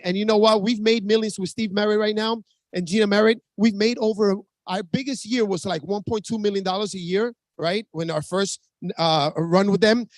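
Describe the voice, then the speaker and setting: A man speaking as a network marketing distributor delivers an urgent motivational pitch full of stories, often calling the audience guys. The recording is dry.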